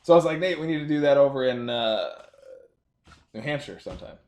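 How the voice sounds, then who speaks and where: A man's voice: mid-range voice, expressive, brisk, a little mellow. Man, young, casual chat, easygoing, laughs a lot, trailing phrases. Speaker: trader.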